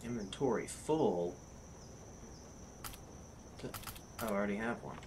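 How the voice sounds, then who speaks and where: Joking gamer man over loud game noise. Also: lowish voice, lively intonation, a little slow. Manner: joking, rambling, self-deprecating. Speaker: gaming YouTuber. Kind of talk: casual let's play commentary.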